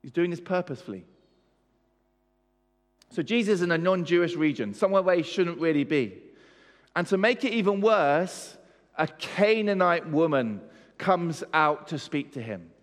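Emphatic preacher in echoing hall. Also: male voice, fairly high pitch, animated, moderate pace, pauses often. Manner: emphatic, asks the audience questions. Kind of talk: sermon. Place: church hall. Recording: long reverb in church hall.

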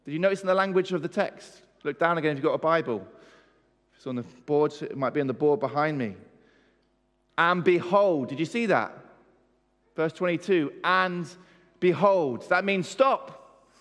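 Male preacher, slightly high voice, emphatic and questioning, church-hall reverb. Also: expressive, a little fast. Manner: emphatic, asks the audience questions. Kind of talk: sermon.

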